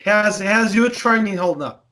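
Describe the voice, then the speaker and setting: High-voiced, matey Australian man host. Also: lively intonation, moderate pace, pushed and bright. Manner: matey, joking, swears freely. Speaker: podcast host. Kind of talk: casual podcast chat.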